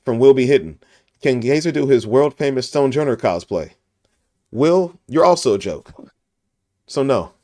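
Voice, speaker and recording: A man runs a casual podcast chat over an online call, jokey and goofy, often breaking into laughs. His voice sits at an ordinary middle pitch. The sound is dry and close, with no room around it. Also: expressive, moderate pace, long pauses, a little mellow, dry recording. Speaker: podcast host.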